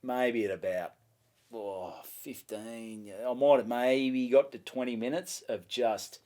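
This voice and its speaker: A man's voice: medium pitch, fairly even intonation, measured pace, warm tone. A man with an Australian accent, a stand-up comedian, telling a story in casual chat, swearing freely and acting out both sides of each exchange.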